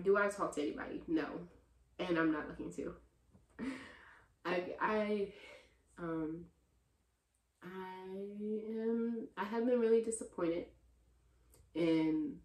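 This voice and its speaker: A young woman in her twenties chatting casually in a Q&A vlog, talking to her viewers as "y'all" and getting loud and animated when she vents. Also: lowish voice. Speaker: vlogger answering viewer questions. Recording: roomy echo.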